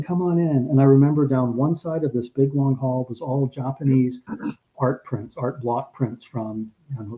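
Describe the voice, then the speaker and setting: A man casually recounting a personal story, rambling with frequent restarts and growing emotional as he remembers. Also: mid-range voice. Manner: rambling, repeats words and restarts often; gets emotional recalling the story. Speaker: guest. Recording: dull lo-fi audio.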